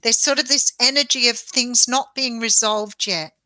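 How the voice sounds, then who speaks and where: An Australian woman with a bright, slightly high voice gives live tarot readings in a chatty and reassuring way, laughing often. She is recorded on a close mic with a dry sound and no room echo. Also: normal speed. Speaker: tarot reader.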